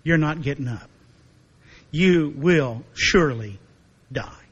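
A male preacher voicing an Old Testament prophet with sarcasm and disdain, dropping a little lower and quieter. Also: animated, slow, husky, dull audio, exaggerated voice. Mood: disdainful.

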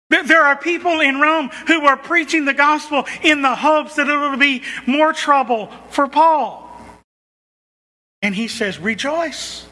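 A male preacher with a very high, bright voice delivers a sermon slowly and emphatically, repeating phrases for weight. His words ring out with the long reverb of a large church hall.

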